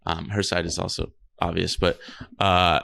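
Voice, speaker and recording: A man's voice: low-pitched, flat delivery, moderate pace, gravelly, bright, forceful tone. A young man co-hosting a podcast, telling a rambling story in casual chat, laughing often and swearing freely. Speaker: podcast co-host.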